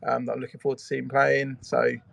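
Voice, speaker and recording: A man's voice: medium pitch, completely flat delivery, quick pace, creaky, fairly bright tone. A man doing casual, jokey co-commentary on an amateur football match, full of gossipy asides.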